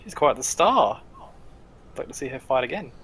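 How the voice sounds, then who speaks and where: A man's voice: medium pitch, big pitch swings, normal speed, a bit bright, slightly rough, heavily acted, low-quality recording. A man voicing a sleazy male dwarf who runs an arena, talking in a wheedling, oily way.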